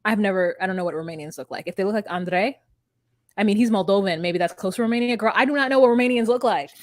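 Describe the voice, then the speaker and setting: A woman's voice: medium pitch, quick pace, no room sound, studio quality. A woman co-hosting a podcast in casual recap chat, rambling and frank with lots of filler words. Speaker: podcast co-host.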